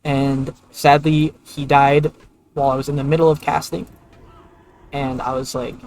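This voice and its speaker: A man's voice: medium pitch, level tone, moderate pace, a little mellow, poor audio. A man streaming a video game, telling a long story in a loose, rambling way with lots of filler words. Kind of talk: casual gameplay commentary.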